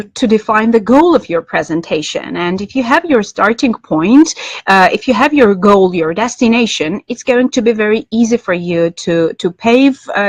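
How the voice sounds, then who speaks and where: A woman English lecturer teaching business English, explaining in a measured way with frequent ums and restarts. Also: a little high, no room sound. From Armenia.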